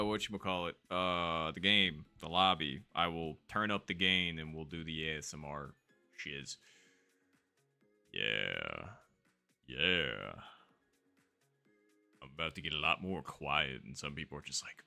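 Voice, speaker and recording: A man's voice: sits low, lively intonation, takes it slowly, gravelly, pauses often, bright, forceful tone, soft background music. A man streaming live, chatting casually and rambling with fillers while he plays a game. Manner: rambling, chatty, with frequent fillers and self-asides.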